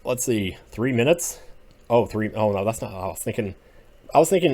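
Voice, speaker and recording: A man giving casual solo commentary as he ranks TV episodes, rambling and opinionated, drifting between quiet muttering and sudden outbursts. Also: on the low side, moderate pace, long pauses. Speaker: video creator ranking TV episodes.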